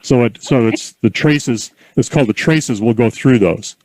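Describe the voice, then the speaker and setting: Calm folksy man coaching outdoors. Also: medium pitch, moderate pace, dry recording, poor audio. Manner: calm, encouraging, folksy storytelling. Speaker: horse driving instructor. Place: outdoor horse corral.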